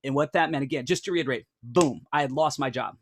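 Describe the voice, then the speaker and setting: A man in his thirties telling a group an earnest personal story, animated and full of restarts and "like". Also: mid-range voice, quick pace, a little hiss or hum. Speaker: speaker.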